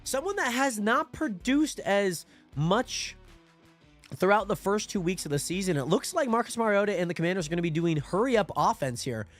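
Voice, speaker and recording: Hosting a football watch party stream at normal speed, a young man with a somewhat high voice gives relaxed play-by-play and then yells excitedly whenever something big happens. Music can be heard faintly in the background.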